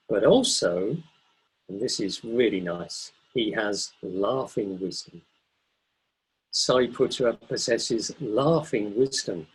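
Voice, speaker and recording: A man giving a Buddhist dharma talk as a teacher, thoughtful and unhurried, often pausing with ums and correcting himself. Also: on the low side, husky, rough recording. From Britain.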